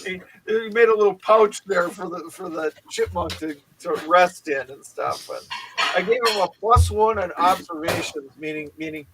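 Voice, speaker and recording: Man, high voice, game master, casual chat, rambling. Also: moderate pace, noisy background. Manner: rambling, with many restarts and laughs.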